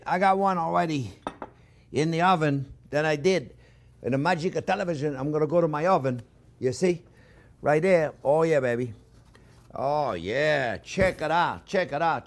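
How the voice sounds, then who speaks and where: Man, middle-aged, cooking show host, animated, chatty, slightly high voice. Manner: animated, chatty, keeps asking "okay?". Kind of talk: cooking demonstration.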